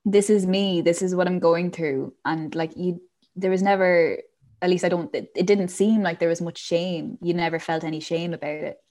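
A woman's voice: lowish voice, fairly even intonation, normal speed, a little mellow. A woman, talking thoughtfully and a little hesitantly in casual chat. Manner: thoughtful, hesitant, asks questions.

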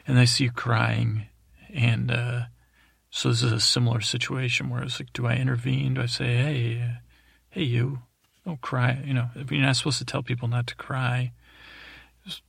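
A man hosting a podcast, rambling through an improvised bedtime story in a halting way, with many fillers and restarts. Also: medium pitch, vocal fry, slightly rough, no room sound. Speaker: podcast host.

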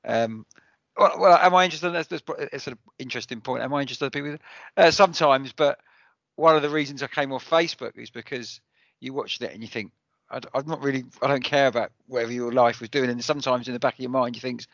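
An Englishman co-hosts a podcast in casual chat, his medium-pitched, creaky, slightly bright voice coming fast yet hesitant, with many restarts. The audio is dry, dull lo-fi podcast sound without room reverb.

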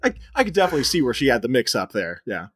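A man hosting a podcast, recapping a film in casual, animated chat with frequent laughter. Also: mid-range voice, rapid-fire, slightly rough. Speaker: podcast host.

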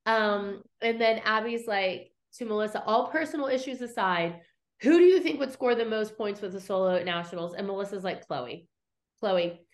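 Speaking at a moderate pace in a medium-pitched voice, this podcast co-host tells a lively story during a casual recap chat. She acts out other people's lines and swears occasionally.

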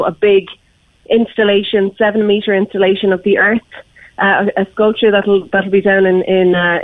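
Over a tinny phone line, a woman festival director gives a casual interview in a medium-pitched voice, sounding eager and using many fillers and restarts. There's no room sound.

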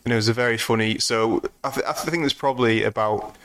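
A man's voice: mid-range voice, quick pace, a bit bright, slight background noise. A man co-hosting a film podcast in casual chat, meandering and restarting sentences with dry humor. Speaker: podcast co-host.

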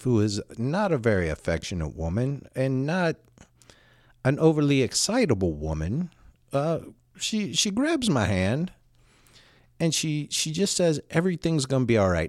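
A man telling a personal story in a halting, conversational way, often repeating words and restarting. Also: mid-range voice, a little mellow, no room sound, studio quality. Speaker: storyteller recounting a personal experience. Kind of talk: first-person spoken storytelling.

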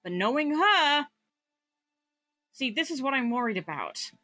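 A woman's voice: high voice, very animated, measured pace, sharp tone, no echo, soft background music. A tired woman playing a tabletop role-playing game, who swears freely and laughs often. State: tired from lack of sleep. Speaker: player. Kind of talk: casual tabletop game play.

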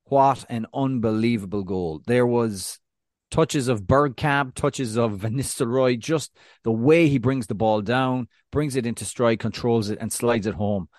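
A man's voice: medium pitch, measured pace, darkish tone, no echo, studio quality. A man from Ireland co-hosting a football podcast in casual, enthusiastic, joking chat. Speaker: podcast co-host.

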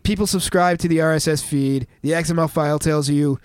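A man's voice: fairly high pitch, fairly even intonation, a little fast, clean tone, no room sound. A man hosting a casual band podcast, rambling and swearing freely as he explains things. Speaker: podcast host and band member. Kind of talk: casual chat.

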